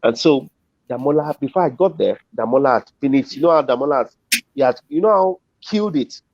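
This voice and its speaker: A man's voice: mid-range voice, expressive, fairly quick, darkish tone, dry recording. A middle-aged Nigerian man, a comedian and compere, telling a story as an interview guest and acting out the voices of the people in it. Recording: dull dry lo-fi audio.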